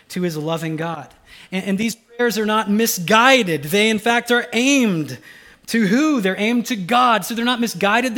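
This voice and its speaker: A pastor preaching a sermon, swinging from loud urgency to a hushed, almost whispered delivery. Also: male voice, high voice. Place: church sanctuary.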